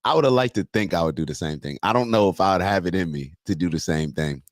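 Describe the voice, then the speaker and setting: A man's voice: low-pitched, fast talker, slight background noise. A man hosting a morning show, reacting to a clip and reading viewer comments in loose, slangy talk aimed straight at his viewers.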